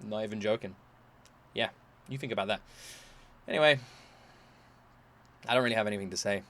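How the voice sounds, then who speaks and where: A man ranting in a reaction video, exasperated and swearing, swinging between loud outbursts and low mumbling. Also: brisk. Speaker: YouTube reactor.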